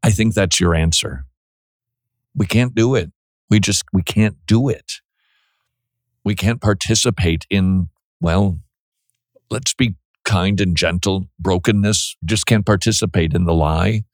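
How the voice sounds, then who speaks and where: Man, radio host type: earnest Christian call-in talk, lowish register, dry close sound, trips over restarts. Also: unhurried, no room sound. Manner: earnest, preachy, with stammered restarts.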